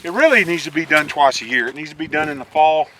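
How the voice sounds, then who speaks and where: A man's voice: a little high, animated, fast, background noise. A man casually explaining outdoor homestead work in an easygoing, plainspoken way, with frequent restarts. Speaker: homesteader showing his work.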